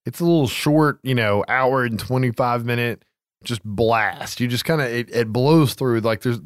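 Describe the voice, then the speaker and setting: A man hosting a podcast, chatting casually about films, animated, swearing freely and laughing often. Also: mid-range voice, moderate pace, smooth, dry recording, studio quality. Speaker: podcast host. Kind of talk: casual movie chat.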